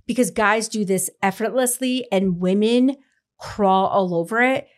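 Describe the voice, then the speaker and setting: A woman's voice: mid-range voice, measured pace. A woman photographer, a podcast guest, speaking in a casual, earnest and emphatic way. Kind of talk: casual conversational interview.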